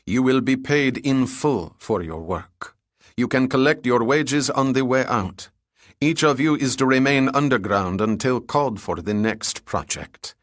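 A man voicing a slow, icy crime boss. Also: mid-range voice, no echo, clean studio sound, voice pushed up, close to an everyday voice. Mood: barking, commanding. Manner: slow, deliberate, icy menace. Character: cold menacing male crime boss, ruthless executioner. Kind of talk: audiobook character voice.

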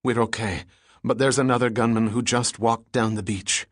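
A man's voice: medium pitch, fairly even intonation, normal speed, no room sound, studio quality, natural voice. A man voicing a frightened young woman in an audiobook, who speaks tensely and stammers. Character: young woman, frightened but keeping her nerve.

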